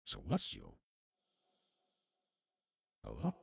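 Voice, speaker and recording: Deep AI narrator voice changer. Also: male voice, huge pitch swings, drawn-out words, creaky, in a large hall, full character voice. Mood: amused. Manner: self-mocking, amused, fumbling over words. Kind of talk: casual live-stream chat.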